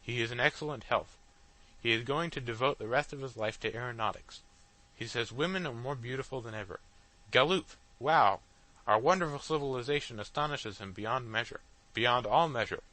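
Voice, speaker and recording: A man voicing a huge trumpet-faced male news machine that blares loud announcements in an audiobook. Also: medium pitch, moderate pace, natural voice, low-quality recording. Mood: boastful.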